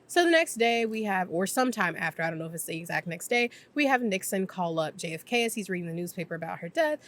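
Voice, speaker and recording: Low-pitched and very animated, she breezes through an episode recap for her YouTube channel. Her talk is loose and packed with fillers, and she keeps dropping into quick impressions of the characters.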